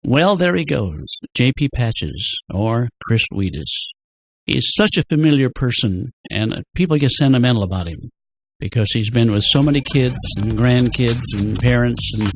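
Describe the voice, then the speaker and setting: A man's voice: mid-range voice, animated, normal speed, no room sound, poor audio. An older man hosting a radio talk show, chatty and easygoing with his guest. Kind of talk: casual radio interview.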